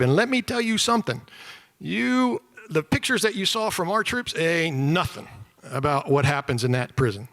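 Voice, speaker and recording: A middle-aged man telling his story to an audience, animated and self-deprecating, acting out shouted quotes. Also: a little high. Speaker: former POW giving a talk. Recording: reverberant hall.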